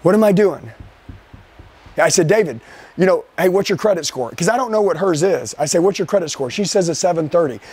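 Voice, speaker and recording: High-voiced man coaching salespeople forcefully. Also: animated, husky. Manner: forceful, fires rhetorical questions at the audience; speeds up and slows down for emphasis. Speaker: sales trainer. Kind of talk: live sales training to a team.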